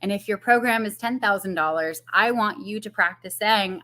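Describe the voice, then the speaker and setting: A woman's voice: mid-range voice, normal speed, few pauses, sharp tone. A woman business coach giving a casual live-streamed talk, chatty with fillers and frequent laughs.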